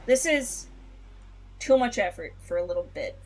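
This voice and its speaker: A woman streamer casually chatting through a game, animated, swearing often and laughing between lines. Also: mid-range voice, a little slow, slight background noise.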